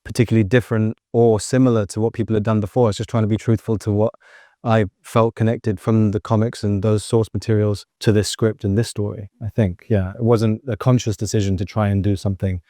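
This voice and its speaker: A man answering an interview question in a thoughtful, measured way. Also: fairly low pitch, little pitch movement, warm tone, no room sound, studio quality. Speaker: actor in an interview.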